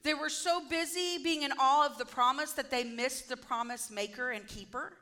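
A woman with a high, bright voice delivers a sermon in a chatty, storytelling way. She slips into quick little character voices for the people in the story. Her tone stays conversational and easy. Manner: lively storytelling, acting out quoted lines. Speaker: preacher.

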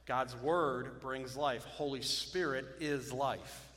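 A man's voice: medium pitch, steady tone, slow, a bit bright, long reverb tail. A man preaching a sermon as pastor, repeating key phrases and checking in with his congregation with "Amen?" and "okay?". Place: church sanctuary.

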